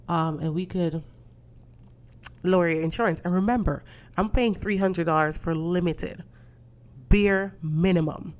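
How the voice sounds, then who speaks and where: A woman hosting a podcast, ranting in a casual, profane, indignant way and telling stories with quoted voices. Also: deep voice. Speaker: podcast host. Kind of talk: casual solo rant.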